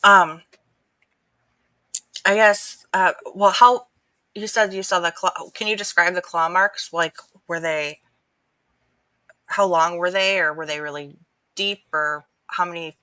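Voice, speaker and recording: A woman co-host asking questions in a hesitant, halting way. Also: on the low side, steady tone, sharp tone, no room sound.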